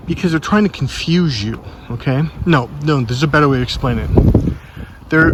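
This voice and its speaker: A man giving an animated, rambling outdoor monologue, swearing and correcting himself as he goes, on a handheld mic. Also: a little high. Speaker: self-help vlogger. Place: outdoors by the water on a windy day. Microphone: handheld microphone, cupped at times. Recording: loud wind buffeting the microphone. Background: heavy wind noise.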